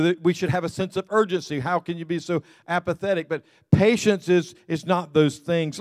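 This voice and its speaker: Guy from the south preaching, kinda high voice, dry close sound, chatty and repeats himself. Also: no room sound. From American South. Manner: conversational, repeats phrases, light humor with the congregation. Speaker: pastor. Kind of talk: sermon.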